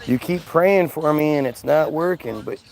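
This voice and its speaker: A man's voice: on the high side, expressive, moderate pace, vocal fry, soft background music, low-quality recording. A man hosting a livestream, talking casually in a sarcastic, mocking, profane way. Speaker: livestream host reading chat.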